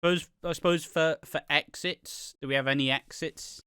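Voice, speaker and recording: A man's voice: on the high side, fairly even intonation, moderate pace, bright, forceful tone, smooth, dry recording, studio quality. A man co-hosting a podcast in casual chat, candid and offhand with frequent swearing. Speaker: podcast co-host.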